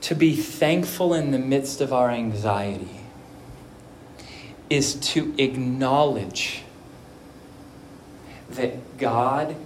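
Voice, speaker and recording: A man preaching a sermon as pastor, earnest, moving between soft, quiet moments and emphatic stresses. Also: mid-range voice, lively intonation, extremely slow, pauses often, slight background noise. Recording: echoey room.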